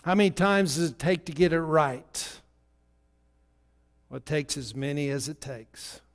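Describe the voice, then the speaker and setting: A man preaching a sermon in a church, telling a story in a loose, conversational way with halting restarts. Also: fairly high pitch. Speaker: guest preacher. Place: church sanctuary. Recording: long hall reverb.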